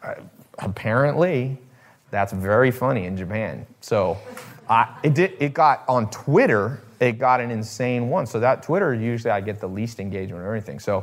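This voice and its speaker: A man's voice: medium pitch, lively intonation, moderate pace. A man hosting a casual talk to his viewers, rambling with restarts and swearing, acting out the people he quotes. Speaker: host.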